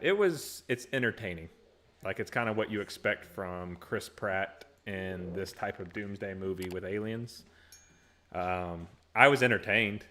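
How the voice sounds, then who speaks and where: A man co-hosting a casual sports podcast, joking and laughing easily. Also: low-pitched. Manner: jokey and excitable, laughs often. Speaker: podcast co-host.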